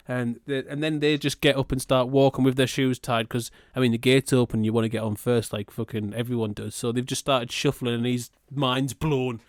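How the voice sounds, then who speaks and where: A man's voice: medium pitch, level tone, moderate pace, few pauses, no room sound, clean studio sound. A man co-hosting a podcast, riffing in a sweary, playfully exaggerated way. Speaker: podcast co-host. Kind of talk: casual comedic chat.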